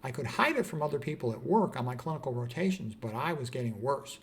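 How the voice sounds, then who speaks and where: A middle-aged man, a psychiatrist, telling his own story in a mid-pitched voice. He speaks earnestly and reflectively, restarting phrases as he goes. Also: lively intonation, quick pace. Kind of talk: personal storytelling.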